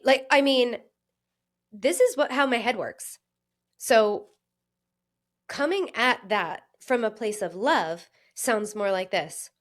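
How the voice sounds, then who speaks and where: A woman's voice: a little high, animated, takes it slowly, pauses often. A woman in her thirties, a health coach, talking alone in an earnest, chatty way, laughing often and acting out inner voices. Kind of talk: solo podcast monologue.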